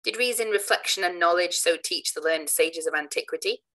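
A woman reading a calm, plain-spoken male skeptic who argues in a measured, lecturing way. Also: on the low side, rough recording. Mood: cutting.

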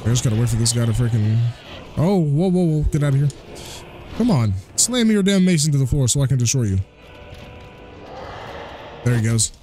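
A man hosting a let's play, commentating excitedly and trash-talking the enemies. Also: medium pitch, normal speed, long pauses, a little hiss or hum. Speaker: gaming channel host. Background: game music.

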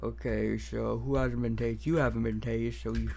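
A man's voice: mid-range voice, level tone, moderate pace, creaky, dark tone, slight background noise. A young man casually voicing characters in an improvised game role-play, goofy and rambling. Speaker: roleplay creator.

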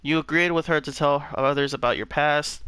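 Bright-voiced young man swearing through a playthrough. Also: fairly high pitch, fairly even intonation, normal speed, smooth, no room sound. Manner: emotional, swears constantly, reads on-screen text aloud. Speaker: gaming channel host. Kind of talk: game playthrough reaction.

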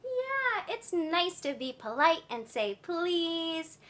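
A woman's voice: very high-pitched, very animated, slow, a bit bright. A woman teaching toddlers, talking right to the child in a sing-song, exaggerated and encouraging way. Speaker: children's educator.

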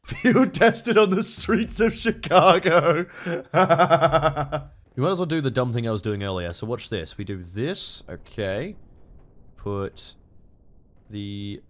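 An excitable young Australian man talks through his war game as a let's-play host. His pitch swoops up and down, and he swears and yelps whenever the action turns. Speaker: gaming YouTuber.

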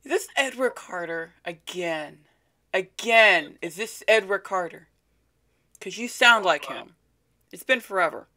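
Taunting young-sounding prank caller. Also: female voice, medium pitch, animated, measured pace, bright, forceful tone. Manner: taunting, mocking, gleefully rude. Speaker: scam-baiting caller and video host. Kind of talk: prank phone calls with commentary.

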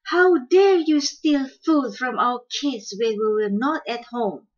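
A woman's voice: sits high, very animated, a little slow, highs cut off, voice pushed up. A woman voicing an indignant male quail father who speaks angrily and squawks, in a storybook reading. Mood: angry. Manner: angry, squawking.

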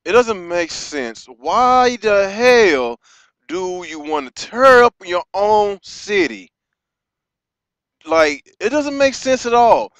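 An American man delivering an impassioned vlog rant, halting and restarting often and swearing freely. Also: sits high, sing-song, fairly bright tone, clear, resonant tone, dry recording. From United States. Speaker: vlogger.

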